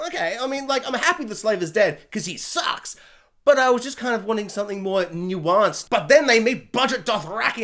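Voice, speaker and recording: Male TV reviewer with a high voice. Casual, rambling and sarcastic. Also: a bit bright. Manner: rambling and sarcastic, slips into silly mock voices.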